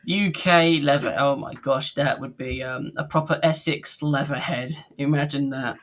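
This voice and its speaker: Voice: mid-range voice, fairly even intonation, normal speed, a bit bright, a little hiss or hum. A co-host in a casual cartoon review chat, hesitant and often searching for words. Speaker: podcast co-host.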